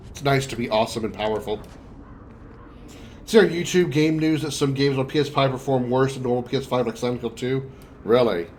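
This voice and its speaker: Casual, wry man streamer, mid pitch, faint noise behind. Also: moderate pace, a little mellow. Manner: wry, chatty, talks to chat. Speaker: livestreamer. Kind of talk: casual game commentary.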